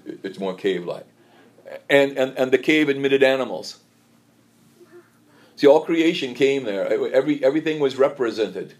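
A man giving a sermon in a church, telling a story in a halting way and often repeating words. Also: mid-range voice.

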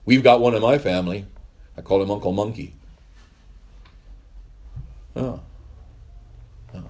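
A man with a low, somewhat husky voice delivers a conversational sermon. He wanders through stories and drops wry asides as he goes. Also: a little slow, a little mellow. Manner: rambling, storytelling with wry asides. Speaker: pastor.

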